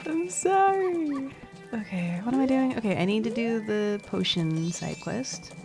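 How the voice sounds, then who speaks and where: A woman's voice: mid-range voice, animated, normal speed, gravelly, a little mellow. Giggly young woman streamer rambling. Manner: rambling, giggly, swears casually. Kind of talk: casual gameplay chat. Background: game music.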